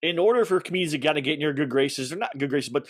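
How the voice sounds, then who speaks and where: A man's voice: fairly high pitch, lively intonation, rapid-fire. A man hosting a comedy podcast, asking long, rambling questions in a casual chat. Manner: rambling, loosely worded questions. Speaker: podcast host.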